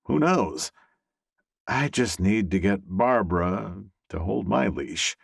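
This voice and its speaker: A man narrating a romance audiobook in the first person, wry and expressive, on a close studio mic. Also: on the low side, slow, vocal fry, breathy edge, dry recording.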